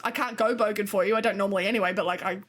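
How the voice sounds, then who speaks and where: A woman's voice: medium pitch, steady tone, very fast, soft background music. A young Australian woman streaming, chatting loosely with her chat, swearing freely and laughing often. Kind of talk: casual chat with live chat.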